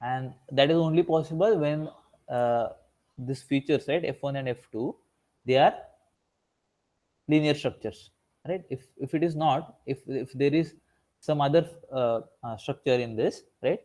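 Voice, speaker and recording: A man's voice: medium pitch, unhurried, darkish tone. A male instructor giving an online revision lecture, asking himself rhetorical questions and tagging lines with "right?".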